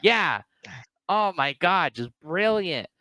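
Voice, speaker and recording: A man co-hosting a casual wrestling review, talking excitedly and acting out wrestlers' lines. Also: high-pitched, slow pace, dry recording, poor audio. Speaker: podcast co-host.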